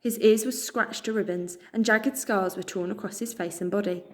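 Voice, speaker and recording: A woman with a British accent reading a children's chapter book aloud, expressive and cheerful. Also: medium pitch, normal speed. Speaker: storyteller.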